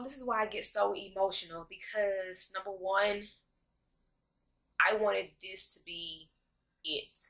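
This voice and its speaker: Low, slow-talking woman vlogger, heartfelt. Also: bright, forceful tone, low-quality recording. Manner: heartfelt, halting, many fillers. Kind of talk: casual confessional vlog. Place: home, on a couch.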